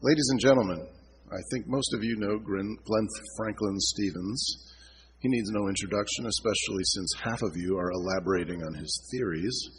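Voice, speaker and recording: A man's voice: lowish voice, moderate pace, slight background noise, lightly acted. A man voicing a pompous male scientist making formal introductions, in a story read aloud.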